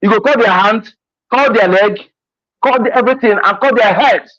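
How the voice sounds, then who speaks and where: High-pitched Nigerian man, lo-fi line. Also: normal speed, a bit bright. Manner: emphatic, repeats himself, laughs often. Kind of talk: casual chat.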